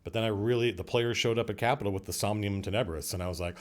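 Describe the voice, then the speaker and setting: Low-voiced guy streaming, chatting with viewers and his cat, rambly thinking out loud. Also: steady tone, quick pace. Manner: answers viewer questions and talks to his cat. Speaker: game master hosting a livestream. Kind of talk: casual livestream chat.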